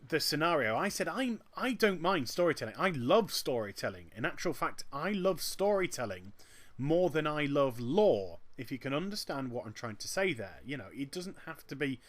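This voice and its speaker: Animated man commenting on gameplay. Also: on the high side. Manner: animated and chatty, with quick jokes.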